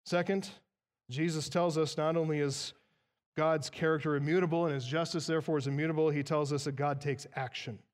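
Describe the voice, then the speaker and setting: Emphatic high-voiced male preacher. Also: steady tone, brisk. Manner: emphatic, teaching with rhetorical questions. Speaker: pastor. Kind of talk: expository sermon.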